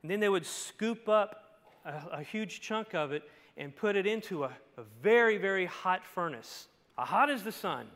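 A male pastor preaching a sermon, telling the story dramatically and swinging from hushed lines to shouts. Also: high voice, animated, moderate pace. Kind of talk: expository sermon. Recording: long hall reverb.

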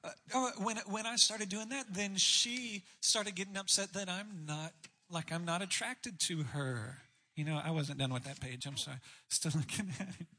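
Bright, breathy-voiced male preacher. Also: sits high, normal speed. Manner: candid, self-deprecating, conversational. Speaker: pastor speaking on marriage. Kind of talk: sermon.

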